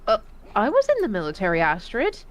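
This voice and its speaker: A woman who served in the Navy, telling profane, animated stories in a casual voice chat. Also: mid-range voice, brisk. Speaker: Navy veteran storyteller.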